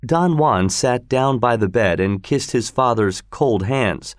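A man reading a story aloud as the narrator, in a slow, expressive storytelling manner. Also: lowish voice, no room sound, studio quality. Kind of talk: scripted audiobook narration.

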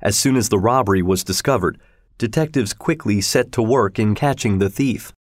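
Steady male storybook narrator. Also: lowish voice, moderate pace, no echo, studio quality.

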